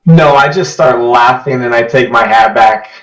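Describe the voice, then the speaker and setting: A man's voice: mid-range voice, moderate pace, a bit bright. A man playing a tabletop game, laid-back and amused. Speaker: player. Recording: roomy, distant from the mic.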